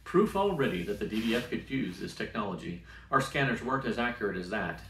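An older man reads a story aloud in a steady, even way. His voice sits low, the room is roomy, and the mic is placed some way off. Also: fairly quick, a little hiss or hum. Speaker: storyteller reading a novel aloud. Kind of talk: reading a novel aloud. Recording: roomy sound from a distant mic.

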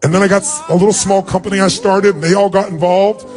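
A man giving a motivational speech, telling a personal story with emotional, animated delivery and a husky voice. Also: quick pace, soft background music. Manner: emotional, animated storytelling, rising in pitch when stirred. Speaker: motivational speaker.

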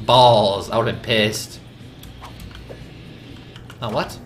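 A man hosting a let's play with loud, profane, rowdy outbursts and game audio behind him. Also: lowish voice, fairly even intonation, extremely slow. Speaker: gaming channel host. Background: game audio and music.

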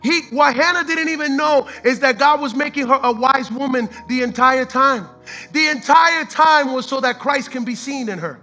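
Pastor guy w a super high bright voice, fired up preaching, slangy, soft music way back. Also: normal speed, poor audio. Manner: impassioned preaching with casual slang, swinging from shouts to hushed reading. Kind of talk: sermon.

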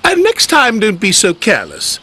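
A man's voice: very high voice, huge pitch swings, unhurried, bright, forceful tone, faint music behind, voice pushed up, heavily acted. A man voicing a rude, haughty old female vintage steam truck in a storybook retelling. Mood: scolding.

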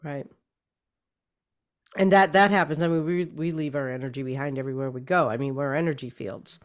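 A woman author, a guest in a casual interview, speaks briskly in a deep, hoarse voice that's giving out. She clears her throat often and repeats words while thinking.

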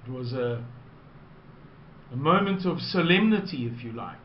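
A man with a South African accent telling a personal anecdote to listeners, slowly and with digressions. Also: medium pitch, animated, a little hiss or hum. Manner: slow, digressive, unhurried storytelling. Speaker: storyteller. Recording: roomy, dull lo-fi recording.

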